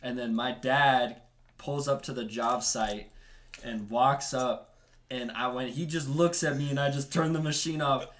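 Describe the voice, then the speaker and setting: A man's voice: medium pitch, fairly even intonation, unhurried, fairly bright tone. A man chatting as a podcast guest, rambling through a story and laughing often. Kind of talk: casual podcast chat.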